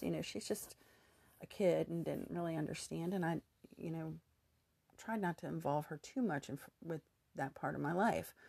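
Woman, 50s, youthful-sounding, gravelly fry, rambling candid storytelling. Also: on the low side, dark tone, no room sound. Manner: candid, rambling, many fillers and restarts. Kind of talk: personal storytelling to camera.

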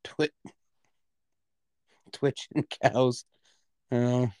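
A man co-hosting a casual podcast, telling stories in an animated way and laughing between words. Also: medium pitch, drawn-out words, no echo, clean studio sound. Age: adult parent. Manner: animated storyteller, laughs mid-sentence. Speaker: podcast co-host.

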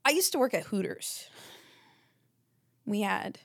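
A woman's voice: mid-range voice, sing-song, a little slow, vocal fry, no room sound, clean studio sound. A woman hosting a podcast, chatting casually and telling a rambling story full of asides. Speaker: podcast host. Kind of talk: casual chat.

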